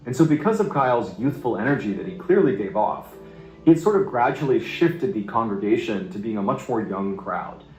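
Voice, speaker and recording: A man tells a dramatic true story in a loose, conversational way, his pitch swinging widely as he builds suspense. His voice rings in a roomy, echoey space with faint music behind him. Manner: animated, building suspense, casual asides. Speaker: storytelling narrator. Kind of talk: unscripted true-story narration.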